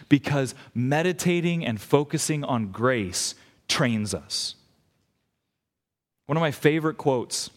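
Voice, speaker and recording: A man preaching a sermon as pastor, emphatic and firing rhetorical questions at the listeners. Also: mid-range voice. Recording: long hall reverb.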